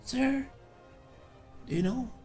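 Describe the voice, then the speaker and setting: A man's voice: extremely high pitch, slow, darkish tone, soft background music, pitched above the performer's own voice. A man voicing a frightened, lost male pig in a kilt who pleads with panicky questions. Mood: panicked.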